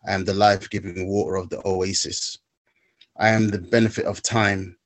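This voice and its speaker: Guy with a lowish voice reciting lines in a steady rhythm, pretty flat delivery. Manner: halting, searching for words. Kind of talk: spoken word poem, then personal reflection.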